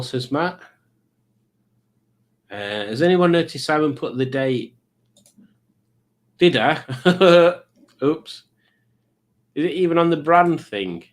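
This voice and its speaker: A middle-aged man hosts a live quiz stream in casual chat. He rambles, teases and pokes fun at himself. His voice sits at an everyday middle pitch. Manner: chatty, rambling, teasing and self-mocking. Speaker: livestream quiz host.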